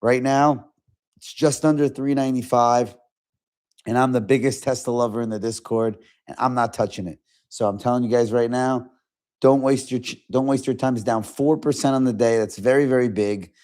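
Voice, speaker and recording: A man hosting a casual stock trading livestream, talking in a fast conversational way with lots of fillers and restarts. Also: medium pitch, fairly even intonation, darkish tone. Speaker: stock market livestream host.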